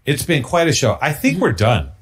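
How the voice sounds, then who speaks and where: A man's voice: medium pitch, big pitch swings, normal speed, husky. A man hosting a podcast, enthusiastic and profane, joking with his guests. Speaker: podcast host. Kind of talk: casual chat.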